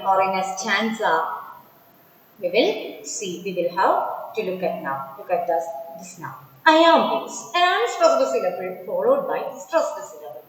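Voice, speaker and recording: A woman teacher giving an online poetry lecture, slow and deliberate, often repeating and restating her words. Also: medium pitch, very echoey, big-room sound, a little hiss or hum, poor audio.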